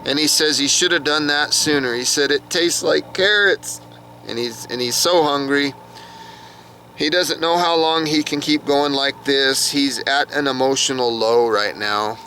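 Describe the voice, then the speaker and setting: A man's voice: medium pitch, fairly even intonation, normal speed, bright, forceful tone, a little hiss or hum. A man recapping a TV episode from his notes in a chatty, reactive way. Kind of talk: casual recap monologue.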